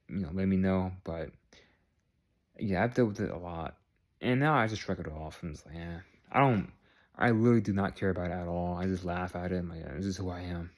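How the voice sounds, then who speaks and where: A man with a notably low, deep voice talks straight to his camera in a loose, rambling vlog. He circles back on his own phrases and keeps checking in with the viewer. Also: darkish tone. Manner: rambling, repeats phrases, checks in with "all right?". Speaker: vlogger. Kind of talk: casual talk to camera.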